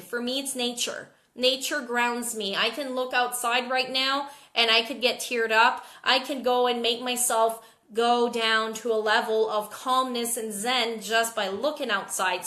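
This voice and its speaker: A jet-lagged woman chats on a live stream, candid and unscripted, stumbling and repeating small words as she goes. Her voice sits a little high and sounds bright and forceful. The room around her rings with echo. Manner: casual, candid, repeats words while thinking. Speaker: network marketing team leader. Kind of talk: live video Q&A.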